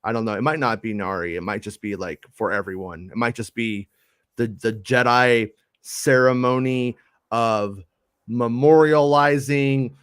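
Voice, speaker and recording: A man's voice: medium pitch, unhurried, clean tone, no room sound, studio quality. A man hosting a casual chat show, rambling and joking with many fillers and restarts. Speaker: podcast host.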